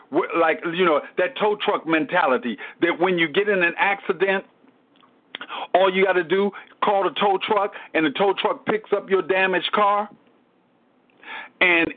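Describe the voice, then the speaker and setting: High-voiced preaching man on a tinny line. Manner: repetitive call-and-response preaching with exclamations to God. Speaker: pastor. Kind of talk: Bible study preaching. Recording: narrow tinny phone-line sound.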